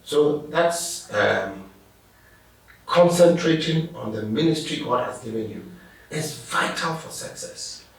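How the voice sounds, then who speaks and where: A man's voice: a little high, animated, slow, gravelly. A middle-aged man, a pastor telling stories and laughing as he answers interview questions. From Ghana. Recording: echoey room, distant mic.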